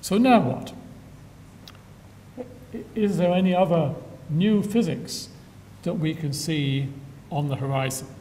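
An older man giving a public science lecture with dry humor and frequent filler pauses, recorded in a lecture hall from a distance. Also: lively intonation, mellow. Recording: echoey hall from far off, faint rumble.

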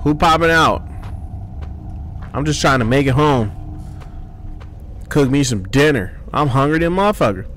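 A man giving loud, profane horror game commentary as a gaming streamer, trash-talking at the screen. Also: fairly high pitch, expressive, normal speed, long pauses, slight background noise.

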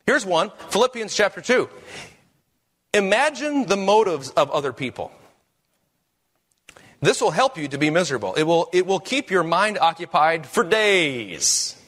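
A man's voice: high voice, lively intonation, measured pace, long pauses, a bit bright. A man preaching a sermon as pastor, with emphatic, rising questions.

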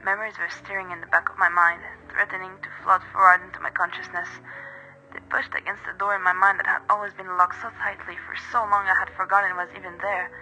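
A man narrating a first-person horror story in a measured, brooding way. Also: high-pitched, level tone, sharp tone, soft background music, low-quality recording.

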